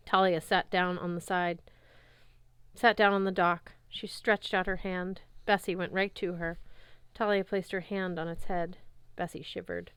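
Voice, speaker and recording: A woman narrating a novel aloud in a steady, even storytelling manner. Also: fairly low pitch, measured pace, clean tone, no room sound. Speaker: audiobook narrator. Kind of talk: audiobook narration.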